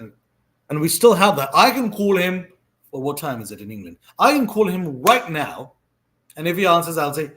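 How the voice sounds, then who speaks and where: A man's voice: fairly high pitch, big pitch swings, normal speed. A man giving earnest life advice in a monologue, emphatic and preachy, repeating phrases for stress. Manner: swings between loud stress and soft asides.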